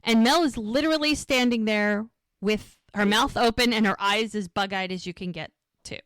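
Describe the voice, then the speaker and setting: A woman's voice: mid-range voice, moderate pace, a bit bright, dry recording. Woman recapping an episode, dry sound. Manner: retells scenes in detail, acting out quoted lines. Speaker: podcast co-host.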